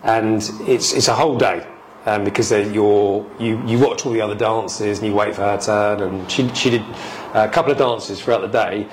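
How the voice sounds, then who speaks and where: Brief: mid-pitched male co-host, rambling and jokey, faint background noise. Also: steady tone, moderate pace, rough recording. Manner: chatty, self-interrupting, jokey. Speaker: podcast co-host, workshop teacher. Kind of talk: casual podcast chat.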